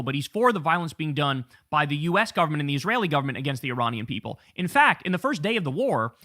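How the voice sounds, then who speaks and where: A man's voice: a little high, pushed and bright, no echo, clean studio sound. A middle-aged man hosting a political commentary show, ranting with profanity and biting sarcasm.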